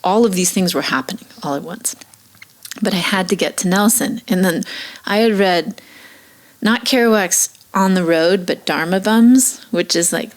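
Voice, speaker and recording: A woman who is a podcast guest, telling a story animatedly and acting out the voices of people in it. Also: lowish voice. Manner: animated, acts out quoted voices, laughs often. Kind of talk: storytelling in casual chat.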